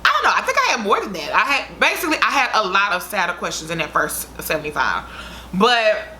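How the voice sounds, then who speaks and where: A woman's voice: medium pitch, sing-song, quick pace, bright, forceful tone, slight background noise. A young woman vlogger telling a story to her viewers in a chatty, dramatic way. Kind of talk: casual storytime vlog.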